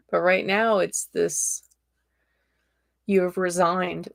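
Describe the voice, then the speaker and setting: Gravelly woman giving tarot readings. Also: medium pitch, fairly even intonation, measured pace, a bit bright. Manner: chatty, direct and encouraging, with many fillers. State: tickle in her throat. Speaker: tarot reader and live stream host. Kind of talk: live-streamed tarot reading.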